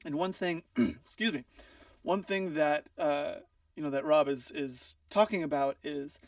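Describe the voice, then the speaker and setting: A man's voice: on the high side, measured pace, dry recording. A man teaching music mixing in a studio, explaining casually while thinking aloud with frequent ums and restarts. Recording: dry, a bit far from the mic.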